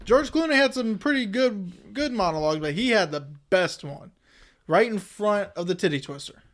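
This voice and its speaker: A man co-hosting a casual movie review chat, laid-back and quick to joke and laugh. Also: sits high, expressive. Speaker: podcast co-host.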